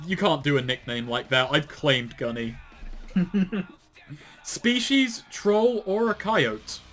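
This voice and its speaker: A man's voice: on the high side, expressive, takes it slowly, a bit bright. A man co-hosting a casual commentary show, reading aloud and mocking it with sardonic asides, frequent swearing and laughter. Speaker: commentary co-host.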